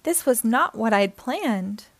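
Here a woman with a high voice takes a rhyming picture book for kids slowly, her intonation lively and her cadence softly lilting. It's recorded up close and dry, without any room echo.

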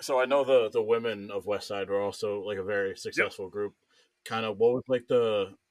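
Man, podcast host, low voice, dry close sound, halting questions. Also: fairly even intonation, no room sound. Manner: short agreements, halting questions. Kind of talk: casual interview.

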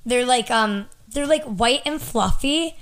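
A woman's voice: on the high side, unhurried, fairly bright tone. A woman co-hosting a casual podcast, rambling and filler-heavy, close to the mic. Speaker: podcast co-host. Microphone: close studio mic.

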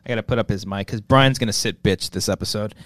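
A man's voice: on the low side, quick pace, a bit bright, no room sound. A man co-hosting a podcast in casual chat, joking and giggling, a little intoxicated. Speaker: podcast co-host.

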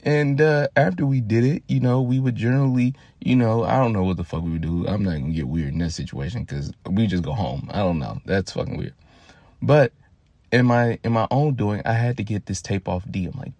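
Podcast host, man, 30s, from Louisiana; gravelly, profane, animated storyteller, dry close recording. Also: lowish voice, a little fast, no room sound. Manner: profane, animated, addresses listeners directly. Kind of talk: casual storytelling monologue.

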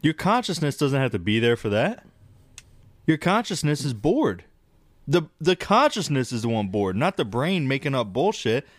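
A man chatting on a podcast, his voice sitting at an ordinary middle pitch and captured close and dry with no room sound. He rambles, swears freely and gets animated as he lays out his theories. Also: normal speed, dry recording. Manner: rambling, profane, animated storytelling. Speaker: podcast co-host. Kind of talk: casual chat.

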